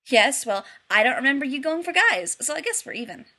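A woman reading a story and voicing an excitable young man who poses as a psychic, full of exuberant wisecracks. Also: extremely high pitch, brisk, pitched above the performer's own voice, exaggerated voice. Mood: giddy.

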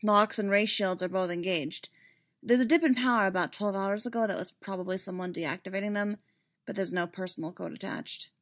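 A woman's voice: medium pitch, a little fast, close to an everyday voice. A woman reading as a stern Jedi master. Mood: troubled.

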